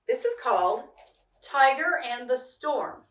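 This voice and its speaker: A middle-aged woman reading a picture book aloud, her voice high with big, lively swings and an unhurried pace. She sounds set back from the mic in an echoey room. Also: distant mic. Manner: gentle, expressive, chatty with a child nearby. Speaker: storyteller reading to children. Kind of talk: children's story read-aloud.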